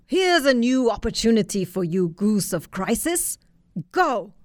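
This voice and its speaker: A woman voicing a greedy male giant in a storybook reading, speaking slowly and demandingly. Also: very animated, dry recording, clean studio sound. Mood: commanding. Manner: slow, booming, demanding.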